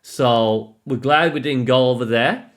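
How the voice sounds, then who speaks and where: A man's voice: mid-range voice, measured pace. A man vlogging about a trip, gushing and out of breath, restarting his sentences often. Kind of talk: excited travel vlog.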